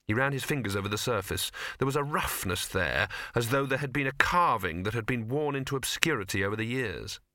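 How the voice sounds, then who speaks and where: A man reading an audiobook in measured, wry scripted narration. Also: mid-range voice, bright, forceful tone, no room sound, studio quality.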